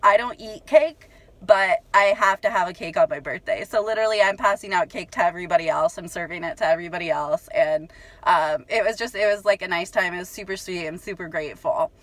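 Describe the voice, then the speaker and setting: A young woman, telling a story in casual vlog chat, chatty and animated, with many fillers and laughs. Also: on the low side, fairly quick, dry recording, low-quality recording. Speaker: vlogger.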